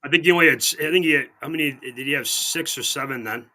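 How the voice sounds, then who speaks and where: A man's voice: fairly high pitch, fast talker, bright, forceful tone. A man co-hosting a sports radio show, chatting casually and sarcastically, with lots of restarts. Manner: rambling, sarcastic, many restarts. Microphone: remote call-in line.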